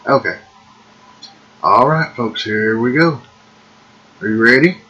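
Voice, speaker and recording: A man giving folksy, excitable gameplay commentary and calling the viewers folks. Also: mid-range voice, slow pace, lo-fi sound. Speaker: gaming video host. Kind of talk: casual let's-play commentary.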